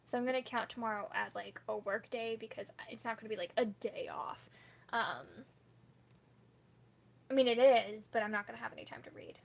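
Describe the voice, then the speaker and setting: This is a woman book vlogger in a relaxed chat with her audience. Her voice sits a little high and carries a soft husky breathiness. She rambles easily, scattering "like" through her sentences and breaking into small laughs. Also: normal speed, pauses often. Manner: chatty, many "like" fillers, often laughing. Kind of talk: casual live chat with viewers.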